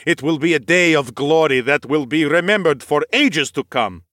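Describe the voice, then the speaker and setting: A man's voice: on the high side, expressive, moderate pace, fairly bright tone, no room sound, studio quality. A man voicing a cheerful male noble warrior who loves battle, speaking in a formal, eager, courtly way in an audiobook. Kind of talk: audiobook character voice.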